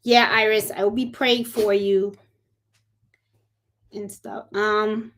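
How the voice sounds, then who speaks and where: A woman's voice: mid-range voice, level tone, slow, fairly bright tone. A middle-aged woman from Puerto Rico hosting a casual crafting livestream, chatty and greeting viewers one by one from home. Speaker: crafting channel host.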